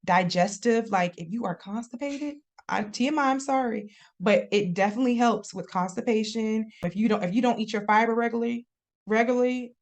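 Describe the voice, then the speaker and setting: A young adult woman chatting casually as a podcast guest, expressive and quick to laugh. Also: fairly high pitch. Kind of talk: casual interview chat.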